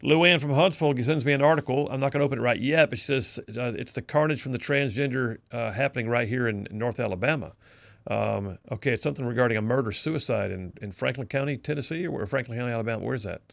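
A man's voice: medium pitch, fast talker, vocal fry, dry recording. A male radio talk show host who reads out listener texts and takes calls in a casual, chuckling, conversational way.

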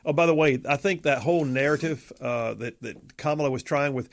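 A man's voice: on the high side, a little fast, gravelly, dry recording. A man hosting a casual political talk show, chatty and opinionated with joking asides.

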